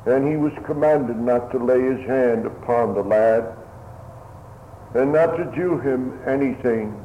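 A man's voice: medium pitch, slow, slight background noise. A man preaching a solemn, old-fashioned sermon to his hearers. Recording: phone-like radio broadcast in a reverberant hall.

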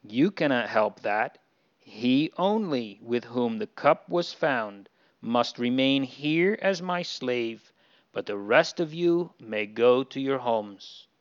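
A man's voice: medium pitch, lively intonation, slow pace, highs cut off. Joseph, a man voicing a stern angry ruler. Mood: firm. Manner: indignant, scolding.

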